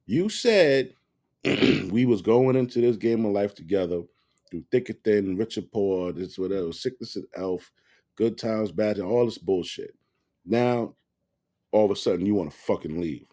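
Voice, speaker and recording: A man's voice: on the low side, lively intonation, normal speed, mellow. A man giving blunt, profane commentary to camera, rambling with restarts.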